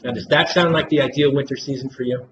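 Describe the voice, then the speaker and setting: A man giving a rehearsed, persuasive sales pitch in a role-play and often addressing the listener by name. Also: steady tone, quick pace. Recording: dull lo-fi recording with clear background noise.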